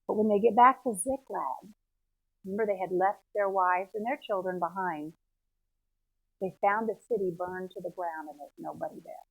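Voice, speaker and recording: A woman's voice: medium pitch, moderate pace, breathy edge. A woman teaching a Bible history lesson in a casual storytelling way, acting out the quotes. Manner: retells scenes with lively acted-out quotes. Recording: tinny phone-like sound.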